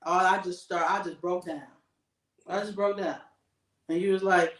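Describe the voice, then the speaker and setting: A woman co-hosting a casual podcast, telling a story with emphatic, animated delivery. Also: on the low side, moderate pace, long pauses, recorded from a distance. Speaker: podcast co-host. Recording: echoey room, voice off-mic.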